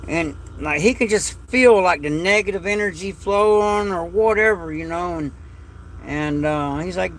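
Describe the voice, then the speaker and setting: Male streamer, folksy and emotional, gravelly fry in a high voice. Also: unhurried, a little hiss or hum. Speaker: livestream host. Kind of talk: casual livestream chat. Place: home at night.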